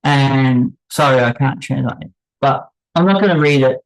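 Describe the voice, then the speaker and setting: A man hosting his own channel, speaking in unscripted commentary with halting, pausing delivery and wry, apologetic asides. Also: medium pitch, gravelly, poor audio. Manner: halting, pausing, with many restarts. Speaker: channel host.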